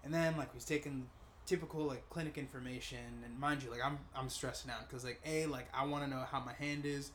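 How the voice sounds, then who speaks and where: A man's voice: mid-range voice, brisk, slight background noise. Young man telling a story, casual. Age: 20s. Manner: animated, acts out quoted voices, many fillers.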